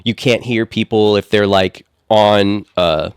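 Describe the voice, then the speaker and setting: A man's voice: lowish voice, steady tone, slow, clear, resonant tone, no echo, clean studio sound. A man co-hosting a podcast, telling a long story in a rambling way with lots of fillers. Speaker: podcast co-host. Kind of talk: casual podcast chat.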